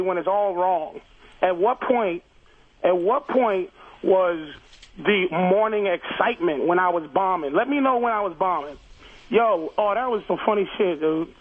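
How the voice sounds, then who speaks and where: A man comedian calling in to a radio show, insistently retelling his side with profanity in a heated argument, over a tinny phone line. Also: high-pitched. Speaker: comedian caller.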